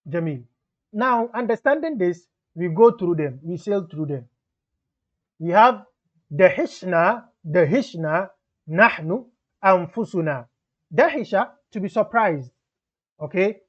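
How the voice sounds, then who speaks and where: The lesson continues with the high-voiced man patiently explaining grammar in English, peppered with Arabic grammar terms, as he steps through every example. The audio is a little dull and low-fidelity.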